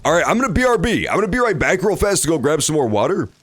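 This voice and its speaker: This gamer talks rapid-fire, his voice swinging widely in pitch as he streams. It's loose, joking play-by-play, heavy on the swear words, dipping high and low throughout.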